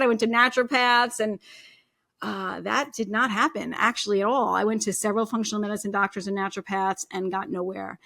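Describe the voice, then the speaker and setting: A woman in her thirties tells her own story as a podcast guest, talking casually with many "like"s and "you know"s. Her voice sits at an average pitch and is recorded dry, with no room sound. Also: fast talker, a bit bright, no echo. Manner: chatty, lots of "like" and "you know".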